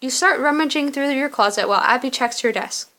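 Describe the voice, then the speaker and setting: A woman narrates a story game in a plain, steady read. Her voice sits a little high. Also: a little fast. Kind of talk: fan reading of a story game.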